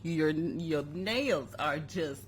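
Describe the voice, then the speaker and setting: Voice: mid-range voice, lively intonation, extremely slow, slight background noise. A YouTuber casually reading their own old story aloud and mocking it, laughing often and breaking off mid-line. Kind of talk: casual commentary on a story game.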